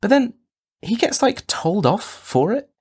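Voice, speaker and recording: A man co-hosting a podcast in casual chat about a film, animated and jokey. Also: sits high, a little slow, breathy edge. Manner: animated, jokey, quotes characters in silly voices. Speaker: podcast co-host.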